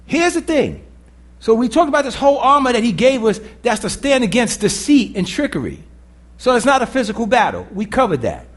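A male pastor delivers an emphatic, preacherly sermon in a high voice. His pitch swings widely from line to line. He calls on the congregation to answer him. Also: very animated, a little fast. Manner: drops to a low intense murmur during prayer.

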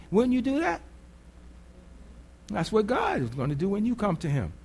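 A man with a notably high-pitched voice preaches a sermon. He speaks bluntly and casually, with earthy phrasing, and keeps checking in with the congregation through rhetorical questions. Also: wildly swooping pitch, fairly quick. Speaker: pastor.

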